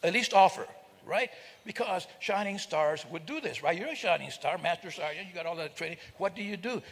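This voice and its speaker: A man's voice: high voice, brisk, fairly bright tone. An older man telling a funny story to a live audience, joking and teasing people in the crowd. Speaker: speaker at a celebration. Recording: reverberant hall.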